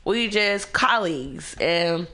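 A woman's voice: on the low side, expressive, takes it slowly, bright, forceful tone. A young woman co-hosting a radio talk show, chatting candidly and animatedly in slangy, casual speech. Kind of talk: casual chat.

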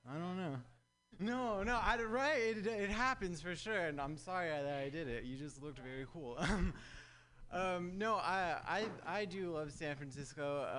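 A man's voice: on the high side, a bit bright. A young man from Southern California performing a stand-up comedy set, talking wryly and conversationally to a live audience. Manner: conversational, wry, addresses audience as guys.

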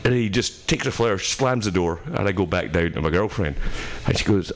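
A man's voice: sits low, brisk. A middle-aged Scottish man telling a long story in casual chat, swearing freely and laughing as he goes. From Scotland. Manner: swears freely, laughs through his stories. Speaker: radio show host.

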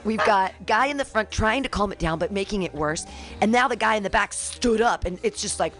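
A woman co-hosting a radio show, chatting casually and telling animated stories in which she acts out the people she quotes. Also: medium pitch, a little fast, faint music behind. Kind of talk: casual chat.

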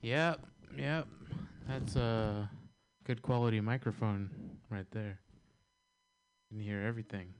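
A man's voice: lowish voice, fairly even intonation, unhurried, slight background noise. A man doing a stand-up comedy set on the radio.

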